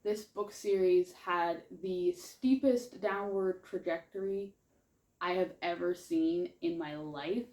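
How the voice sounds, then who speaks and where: A woman with a lower voice and a slight lisp chats her way through a reading wrap-up, rambling with plenty of fillers. The sound is echoey, like a bare room at home. She talks in a casual vlog manner. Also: slow pace, darkish tone. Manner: chatty, rambling, lots of likes and ums. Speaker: book vlogger.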